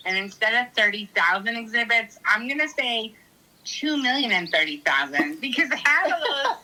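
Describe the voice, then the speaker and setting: Bright, wry woman on a call. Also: fairly high pitch, low-quality recording. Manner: wry, teasing. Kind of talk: casual chat. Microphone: remote call.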